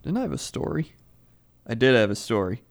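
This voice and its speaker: A man's voice: medium pitch, big pitch swings, brisk, creaky. A young man co-hosting a casual podcast, telling stories in a laid-back way and laughing easily. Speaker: podcast co-host. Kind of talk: casual chat, storytelling.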